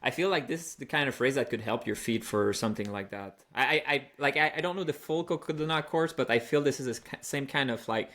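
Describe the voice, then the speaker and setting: A man hosting a running podcast, asking questions in a casual, halting way with frequent restarts. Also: medium pitch, a bit bright. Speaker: podcast host. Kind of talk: casual interview.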